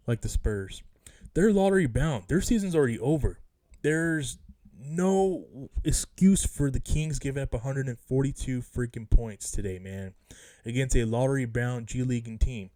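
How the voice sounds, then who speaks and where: A man rants casually as a sports fan vlogger, frustrated and emphatic, circling back to the same points again and again. His voice sits in a mid register with a warm, darkish tone. The sound is close and dry. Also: mid-range voice, expressive, normal speed, no echo. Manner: frustrated, emphatic, repeats himself. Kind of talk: casual rant about a basketball game.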